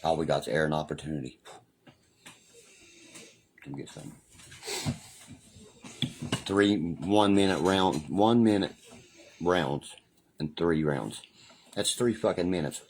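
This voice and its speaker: A man's voice: low-pitched, takes it slowly, pauses often, a little hiss or hum. A young man from West Virginia with a West Virginia accent, ranting and boasting on a casual livestream, swearing freely and often asking "you know what I mean". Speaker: live streamer.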